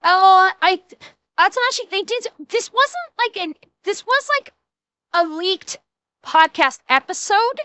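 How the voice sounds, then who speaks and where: A woman's voice: very high-pitched, animated, measured pace, pushed and bright, no echo. A woman streamer giving casual, sarcastic commentary and speaking directly to her chat. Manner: chatty, sarcastic, talks straight to chat. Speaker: streamer reacting to a video.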